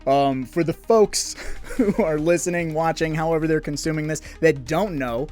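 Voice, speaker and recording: A man's voice: a little high, normal speed, darkish tone, soft background music. Enthusiastic, foul-mouthed male podcast host. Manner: enthusiastic, profane. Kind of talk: casual interview chat.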